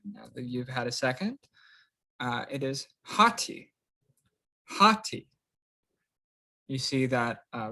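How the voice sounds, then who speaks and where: A young man teaching a recorded practice lesson, casual and unhurried, sounding out each word slowly and carefully. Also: fairly high pitch, fairly bright tone. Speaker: Greek instructor.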